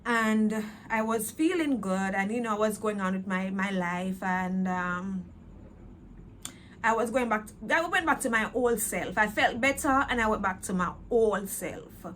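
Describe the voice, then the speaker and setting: Woman, mid-pitched and slow-spoken, earnest personal testimony with many pauses. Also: a bit bright, a little hiss or hum. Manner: slow, reflective, frequent pauses and fillers; earnest, emotionally open. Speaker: faith testimony vlogger.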